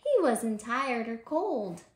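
A woman who teaches preschool, reading a children's bedtime story aloud in a gentle, expressive way. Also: a little high, slow pace, slight background noise. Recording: roomy echo.

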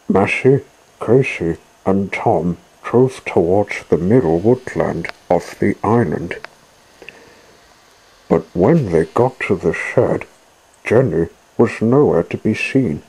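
A man narrating a children's story, reading slowly and deliberately. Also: low-pitched, animated, a little mellow, husky, rough recording.

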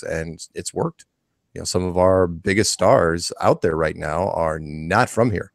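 Deep gravelly man, rambling casually. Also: slow, dry recording, clean studio sound. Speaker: podcast co-host. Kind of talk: casual chat.

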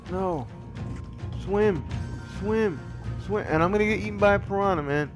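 Over music, a man with a high-sitting voice chats at normal speed with long pauses as he plays a survival game. His commentary is casual and meandering, full of jokes about himself, and he gets excitable and yelps when attacked.

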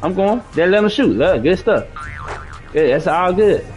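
A young man talks through a basketball video game with his teammates, coaching them and scolding them in loose, profane slang. His voice sits a little high for a man and jumps around a lot in pitch. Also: expressive, moderate pace, soft background music. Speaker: gaming streamer. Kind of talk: live gameplay chat with teammates.

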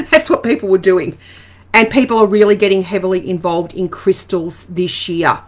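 A middle-aged woman with an Australian accent talks her way through an angel card reading on a live stream. She chats warmly, greets viewers by name and wanders off into personal stories before coming back to the cards. Her pitch sits in a middle range, and the sound has the feel of a camera set at table distance. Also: fairly even intonation, moderate pace. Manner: chatty and warm, greets viewers by name, rambling asides.

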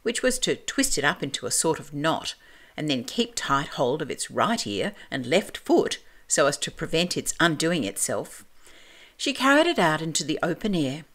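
A woman reading a classic children's story aloud in a clear, measured, expressive way. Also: sits low.

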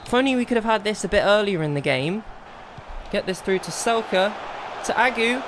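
A young man commentating his own football video game, bursting into exasperated shouts and then settling into calm planning. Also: high voice, normal speed, noisy background. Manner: excitable, swings between exasperated outbursts and calm planning. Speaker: gaming video creator. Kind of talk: live gameplay commentary.

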